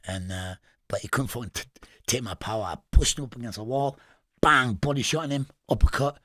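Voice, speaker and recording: Speaking in a Geordie accent, this Englishman recounts his prison stories as a guest on a casual podcast interview, bluntly and with plenty of swearing, often laughing at what he tells. He has a medium-pitched, fairly bright voice and a brisk pace, captured in a dry, studio-quality recording.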